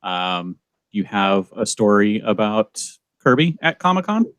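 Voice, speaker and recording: A male podcast host asking a guest questions in a halting, casual way. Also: fairly low pitch, very animated, a bit bright, dry recording, dull audio. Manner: halting, with fillers.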